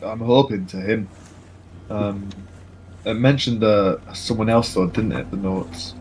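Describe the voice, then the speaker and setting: A man's voice: fairly low pitch, a little slow, a little mellow, slight background noise, rough recording. A man in casual, jokey chat as a player in a tabletop game. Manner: chatty, jokey.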